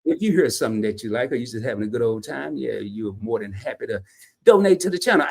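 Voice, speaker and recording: Animated man hosting a casual livestream. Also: medium pitch, quick pace, vocal fry, slightly rough. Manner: animated and folksy, loose slangy phrasing. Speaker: livestream host. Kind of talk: casual livestream chat reading comments.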